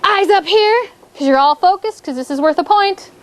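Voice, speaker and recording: A woman's voice: very high voice, expressive, moderate pace. A woman teacher leading a classroom phonics lesson, upbeat and coaxing, making the drill into a playful points game.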